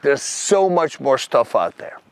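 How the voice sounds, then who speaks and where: A middle-aged man with a Dutch accent, telling his personal story to camera in an animated, emphatic, slangy way. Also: medium pitch, measured pace, clear, resonant tone, no room sound. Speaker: host.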